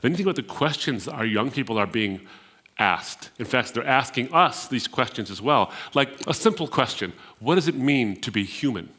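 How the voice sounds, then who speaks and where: A man's voice: medium pitch, animated, normal speed, sharp tone. A middle-aged man from the Middle East giving a sermon, telling a story and building to emphatic peaks, sometimes repeating words as he finds the next phrase. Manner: storytelling, rising to emphatic peaks on key points. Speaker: speaker at a Christian gathering.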